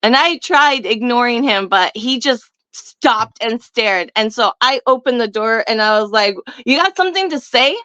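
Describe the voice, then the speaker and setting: A woman's voice: a little high, unhurried, few pauses, sharp tone, clean tone, no room sound, muffled recording. A young woman telling a story in casual chat, brash and profane, laughing often. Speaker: guest.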